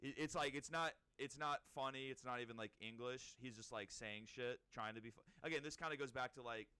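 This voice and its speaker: Young guy cohosting a podcast, rambly, bright crisp voice, dry sound. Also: mid-range voice, dry recording. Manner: rambling, quick restarts, mocking impressions. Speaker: podcast co-host. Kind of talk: casual chat.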